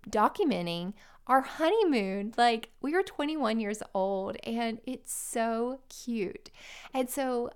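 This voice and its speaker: A woman, chatting heartfelt and casual as a vlogger, often restarting her sentences. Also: mid-range voice. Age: late 30s. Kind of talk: casual personal chat.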